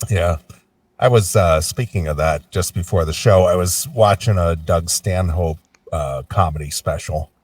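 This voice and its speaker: Laid-back lower-voiced man. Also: measured pace, a little mellow, no room sound, far from the mic. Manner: laid-back, laughs often. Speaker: co-host. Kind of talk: casual podcast chat.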